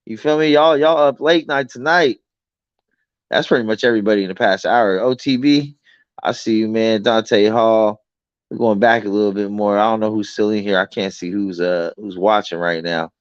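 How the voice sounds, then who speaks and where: A man's voice: on the low side, fairly even intonation, moderate pace, clear, resonant tone, dry recording, highs cut off. A man hosting a late-night livestream chat, blunt and profane, acting out both sides of his arguments. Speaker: livestream host.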